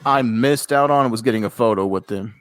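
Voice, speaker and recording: A man co-hosting a podcast, casually telling a story and getting animated when he quotes people. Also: medium pitch, fairly quick, dry recording. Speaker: podcast co-host.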